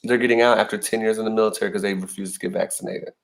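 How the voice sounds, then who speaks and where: A man's voice: on the low side, steady tone, racing, creaky. A man co-hosting a casual podcast, chatting and reading viewer comments aloud with frequent laughs. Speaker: co-host.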